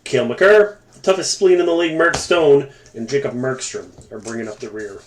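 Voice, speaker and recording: A man's voice: mid-range voice, fairly quick. A man hosting a live sports card break, calling out cards and joking with viewers in the chat. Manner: chatty, joking asides to viewers. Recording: echoey room with faint noise.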